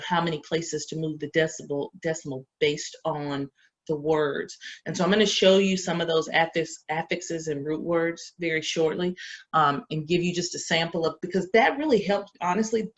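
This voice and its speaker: Woman professor quizzing her class. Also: low-pitched. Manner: quizzing, asks questions and answers them herself. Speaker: education professor. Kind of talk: lecture to teacher candidates. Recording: dull lo-fi lecture recording.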